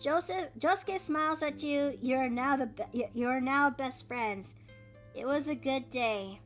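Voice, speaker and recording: A woman from Canada streams her drawing and chats as she works, her voice pitched high. She talks her process through out loud, with gasps and playful asides. Soft music plays faintly behind her. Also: unhurried. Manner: chatty, thinks aloud, with gasps and playful asides. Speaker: streamer and artist. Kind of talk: casual chat while drawing live.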